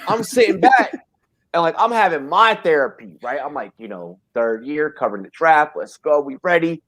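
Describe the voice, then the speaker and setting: A man hosting a casual livestream chat from his back porch, talking in an excitable, profane, rambling way. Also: a little high, normal speed. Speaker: host.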